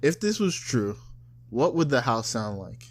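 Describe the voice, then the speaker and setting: A man's voice: medium pitch, big pitch swings, unhurried. A man from South Florida co-hosting a casual podcast chat, loose and profane, often mimicking people in put-on voices. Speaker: podcast co-host.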